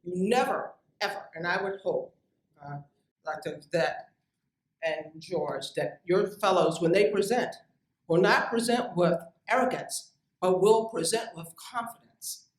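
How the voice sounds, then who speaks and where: A woman's voice: on the low side, unhurried. A woman scientist giving a direct, emphatic motivational lecture to young researchers. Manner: emphatic, direct, lively with asides. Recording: echoey room, distant mic.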